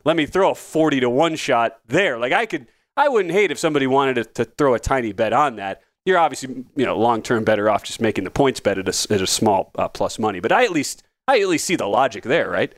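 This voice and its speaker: A man's voice: mid-range voice, very animated, fast talker, hardly any pauses, no room sound. Man, podcast host, casual betting chat, rambling, wry asides, dry sound.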